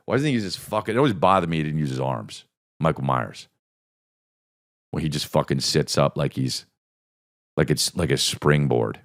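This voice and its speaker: A man hosting a podcast who tells a story in a casual, animated, profane way and acts out the voices of the people in it. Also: a bass voice, moderate pace, pauses often. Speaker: podcast host.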